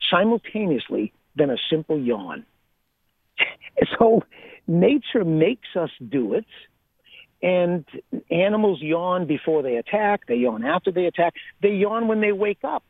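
A man's voice: sits high, vocal fry, no echo. A man, a breathwork author, explaining eagerly as a radio interview guest, laughing often and repeating phrases for emphasis. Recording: tinny phone line.

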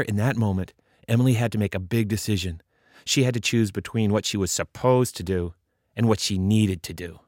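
A man telling a story from his own childhood as a performed piece, acting out the voices and dropping to a hush for suspense. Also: low voice, no echo, clean studio sound. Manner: acts out the children's voices, drops to hushed tones for suspense.

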